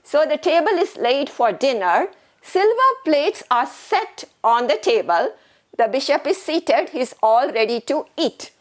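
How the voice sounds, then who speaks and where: A woman's voice: sits high, big pitch swings, unhurried. A woman teacher, explaining a story patiently, repeating herself and asking questions. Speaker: English teacher. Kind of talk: recorded classroom lesson.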